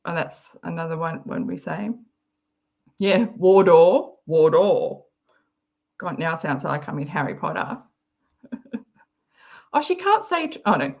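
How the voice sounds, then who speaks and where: An Australian woman hosts a livestream, giggling as she reads viewer messages in casual chat reacting to a clip. Her low-sitting voice swoops wildly in pitch and is gravelly yet fairly bright. She speaks at a moderate pace and pauses often.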